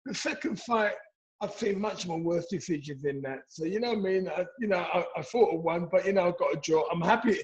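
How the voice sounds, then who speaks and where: A middle-aged man from England, telling stories in a casual interview, animated and stumbling over restarts. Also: high-pitched, fairly quick, poor audio. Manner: animated storytelling with repeated restarts. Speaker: interview guest, former boxer.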